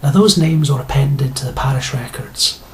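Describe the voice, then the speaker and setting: A man's voice: medium pitch, normal speed, a little hiss or hum. A man delivering a sarcastic, indignant rant to his viewers, blunt and given to swearing. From Scotland. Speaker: video blogger. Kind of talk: ranting monologue to camera.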